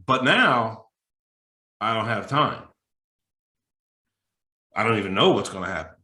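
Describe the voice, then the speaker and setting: A man, a mental toughness coach, telling a story in a podcast interview and acting out the dialogue with sudden pitch jumps. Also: normal speed, pauses often, roomy sound. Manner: animated, acts out dialogue with big pitch jumps.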